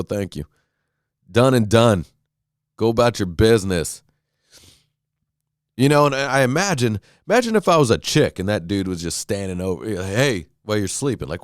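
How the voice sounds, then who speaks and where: A man's voice: medium pitch, dry recording, studio quality. A man hosting his own podcast, delivering a casual solo rant that rambles, swears freely and acts out little quoted exchanges. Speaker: podcast host.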